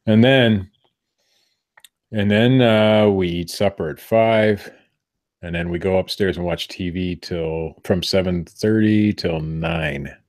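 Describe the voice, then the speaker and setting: Middle-aged male podcast co-host, very low voice, loose rambling chat, keeps restarting his sentences. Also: slow pace, darkish tone. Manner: rambling, self-interrupting. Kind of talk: casual chat. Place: home room.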